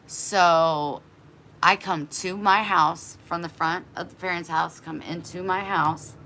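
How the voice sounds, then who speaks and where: A woman vlogger telling a story in a casual, animated and exasperated way to her live chat. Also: deep voice, slight background noise.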